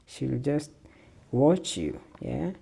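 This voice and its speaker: A man's voice: mid-range voice, sing-song, takes it slowly, vocal fry, dark tone, breathy edge. A man hosting a casual solo podcast, laid-back, laughing often and swearing freely. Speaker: podcast host.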